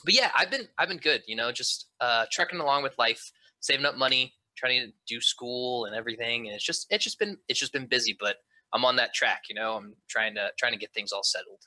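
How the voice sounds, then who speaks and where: A man's voice: mid-range voice, animated, fairly quick, pushed and bright, no echo, poor audio. A man chatting casually before a tabletop game, rambling with lots of fillers and restarts. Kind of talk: casual chat.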